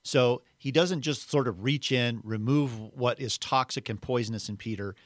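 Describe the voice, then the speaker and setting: A man's voice: mid-range voice, moderate pace, no room sound, studio quality. A man reading a Bible passage aloud and then discussing it in a reflective, conversational way. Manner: reflective, uses computer metaphors. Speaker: co-host.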